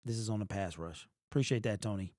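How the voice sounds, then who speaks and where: A man hosting a sports fan livestream, tired and emotional, his frustrated talk rising into shouted rants. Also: lowish voice, quick pace, no room sound, clean studio sound.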